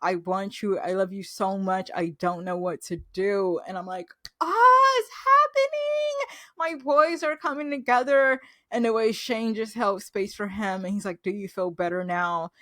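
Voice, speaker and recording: A woman's voice: on the low side, no echo, clean studio sound. A woman hosting a TV recap vlog, talking in a gushing, emotional, exclamatory way. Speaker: TV recap host. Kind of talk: casual recap review.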